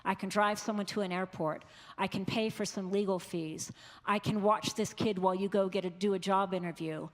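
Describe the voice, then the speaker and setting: A woman's voice: medium pitch, steady tone, moderate pace. A woman pastor giving an earnest, conversational sermon, quoting the people she has met. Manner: earnest, conversational preaching with quoted voices. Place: large church. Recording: long church reverb.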